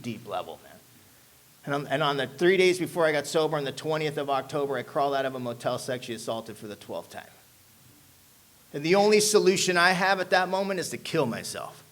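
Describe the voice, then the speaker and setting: A man's voice: fairly high pitch, fairly bright tone. Emphatic man telling his recovery story. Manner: emphatic storyteller, drops frequent "man" and "you know what I'm saying". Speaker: speaker sharing a recovery story. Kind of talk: personal testimony talk to an audience.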